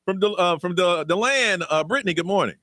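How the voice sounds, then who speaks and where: A man's voice: high voice, animated, fairly quick, pushed and bright, no room sound. A man hosting a morning radio show in the studio, playfully teasing callers and laughing. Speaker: radio host.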